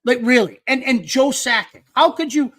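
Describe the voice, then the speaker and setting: A man hosting a casual chat with a high, bright voice. He tells stories animatedly and doubles up on words as he gets going. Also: normal speed. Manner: animated storyteller, repeats words when excited. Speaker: host.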